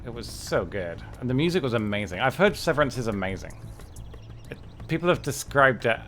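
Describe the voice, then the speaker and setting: A man's voice: medium pitch, sing-song, a little fast, fairly bright tone, slight background noise. A young adult man chatting casually and wryly on a livestream while playing a game, often restarting his sentences. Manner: rambling, self-correcting, wry. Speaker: streamer.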